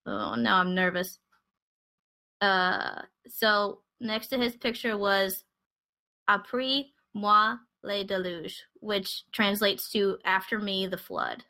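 A woman's voice: mid-range voice, lively intonation, slow pace, vocal fry, bright, forceful tone. A young woman hosting a podcast, telling a true-crime story in a casual, chatty way with wry asides. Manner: chatty, wry asides while recounting a case. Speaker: podcast host.

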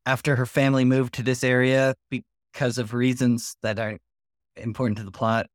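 A man playing a tabletop role-playing game, describing his character's actions and speaking for him, with frequent pauses and fillers. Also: medium pitch, flat delivery, no echo, clean studio sound. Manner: slow, halting, many fillers and restarts, laughs often. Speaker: player.

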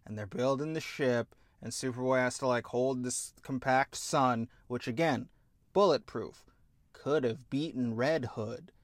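Exasperated man ranting, slow and sarcastic. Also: medium pitch, steady tone, no echo, clean studio sound. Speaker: show host. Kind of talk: ranting TV review.

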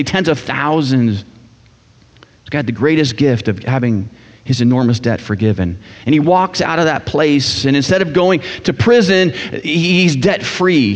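A man preaching a sermon in a casual, animated storytelling manner. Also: a little high. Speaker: pastor. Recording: echoey hall, dull sound.

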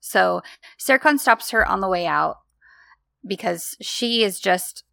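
A woman's voice: medium pitch, lively intonation, slow, vocal fry, bright, forceful tone, no room sound, clean studio sound. A woman co-hosting a podcast in casual chat, easygoing and agreeable, often chiming in with short replies. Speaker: podcast co-host.

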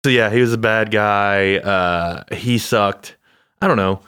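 A man co-hosting a podcast, making gloomy deadpan jokes in casual chat. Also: on the low side, a little slow, clear, resonant tone, dry recording, clean studio sound. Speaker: podcast co-host.

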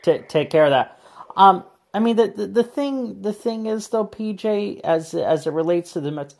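A man's voice: high voice, lively intonation, moderate pace, vocal fry, darkish tone. A man co-hosting a podcast who steers a casual sports conversation and talks through his points. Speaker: podcast co-host.

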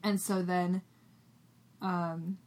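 A woman's voice: lowish voice, little pitch movement, drawn-out words, a little mellow, slight background noise. Woman on a book podcast, recapping chapters, talks in likes and ums, acts out the lines. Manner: retells scenes in quoted voices, lots of "like" and "um". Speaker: podcast co-host. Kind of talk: casual book club recap.

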